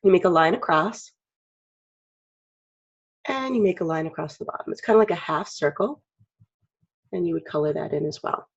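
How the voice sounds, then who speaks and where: A woman with a husky, lowish voice gives a casual drawing tutorial at a moderate pace, leaving long pauses. She's chatty, clears her throat often because of a frog in her throat, and acts out expressions. The recording sounds dull and lo-fi.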